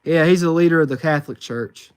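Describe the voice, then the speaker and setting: A man's voice: on the high side, quick pace, clean tone. A man from the United States streaming from his phone, reading chat questions aloud and answering in a chatty, rambling way with lots of fillers. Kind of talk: casual livestream chat.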